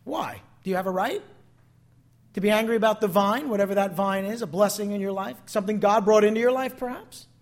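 Male preacher, high register, questioning and dramatic sermon delivery. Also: a little fast. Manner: rhetorical questions to the congregation, dramatic acted quotes.

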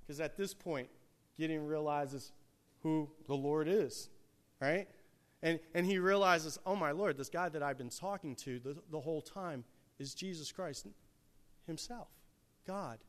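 A man preaching a sermon, swinging from hushed, quiet passages to loud, emphatic peaks. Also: on the high side, a little slow.

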